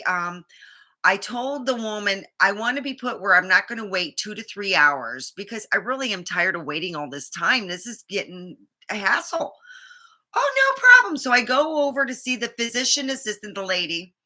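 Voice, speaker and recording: A woman's voice: mid-range voice, lively intonation, normal speed, sharp tone. A woman vlogger telling a rambling, indignant story about a doctor's visit, acting out the quotes. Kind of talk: casual monologue.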